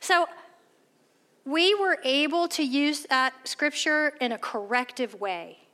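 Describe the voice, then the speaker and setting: Woman speaker, high and bright, telling a self-deprecating faith story with animated character voices. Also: slow. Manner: animated, acts out quoted voices. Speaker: speaker sharing faith testimony. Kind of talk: storytelling testimony talk.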